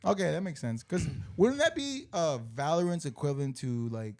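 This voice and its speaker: A man's voice: a little high, big pitch swings, moderate pace, a little mellow. A young man co-hosting a podcast, chatting casually, swearing and laughing often as he rambles through stories. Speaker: podcast co-host. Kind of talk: casual chat.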